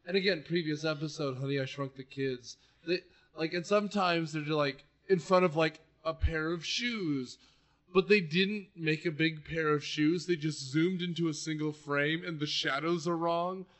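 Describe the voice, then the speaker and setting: A man trading jokes about an old fantasy film on a podcast, his voice a touch high for a man. He rambles through his points, chatty and wisecracking. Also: fairly even intonation, normal speed, fairly bright tone. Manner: joking, rambling. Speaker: podcast co-host. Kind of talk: casual movie discussion.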